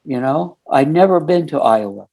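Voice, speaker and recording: A middle-aged podcast guest tells a casual story earnestly in a slightly high, creaky voice with a dark tone, expressive and moderately paced. He retraces conversations step by step, using "you know" and "um" as fillers.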